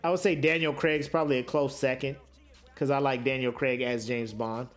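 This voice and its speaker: A man co-hosting a podcast in casual banter, slangy and animated, laughing often. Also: medium pitch, moderate pace, faint music behind. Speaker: podcast co-host.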